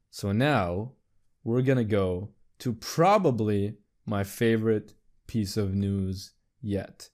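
A young man hosting a podcast, chatting casually in a rambling, profane way and jumping into high squeaky voices for quips. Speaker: podcast host. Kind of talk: casual chat.

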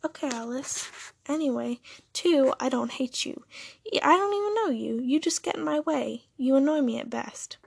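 A woman's voice: high voice, animated, moderate pace, gravelly, a little mellow, no room sound. Woman reading as a sarcastic young supervillain. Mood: dry. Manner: dry, sarcastic, offhand.

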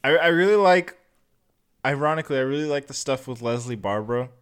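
A man's voice: medium pitch, lively intonation, fairly quick, smooth. A young man co-hosting a casual movie review chat, rambling a little and acting out quotes in funny voices. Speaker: podcast co-host.

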